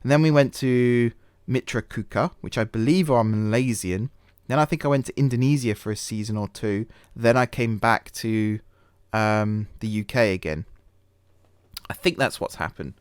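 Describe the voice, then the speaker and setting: A man's voice: medium pitch, normal speed, clean tone, dry recording. Rambling self-mocking man, dry close mic. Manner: rambling, self-deprecating, many fillers and restarts. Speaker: gaming channel host. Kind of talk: casual let's-play commentary.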